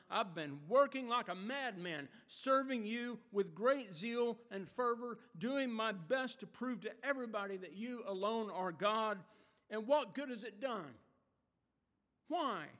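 A man's voice: high voice, measured pace, a bit bright, long reverb tail, voice pushed up. A man preaching who voices a weary male prophet, indignant and exasperated as he complains to God. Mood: angry, exasperated.

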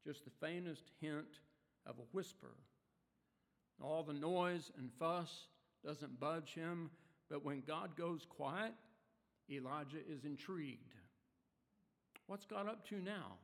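A man preaching a sermon, retelling a story dramatically with rhetorical questions and shifts from loud to hushed. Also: on the high side, slow, creaky, pauses often, big-room sound.

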